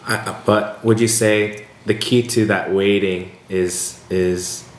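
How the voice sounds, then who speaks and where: Low-voiced reflective man, echoey room. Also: steady tone, slow pace, slight background noise. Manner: reflective, hesitant with restarts and many affirmations. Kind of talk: casual conversation. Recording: roomy echo with faint ambience.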